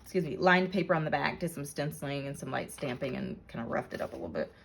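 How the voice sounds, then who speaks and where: Low-voiced woman narrating a craft flip-through. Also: fast talker, creaky, slight background noise. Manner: relaxed, with frequent ums and self-corrections. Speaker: crafter showing her handmade journal.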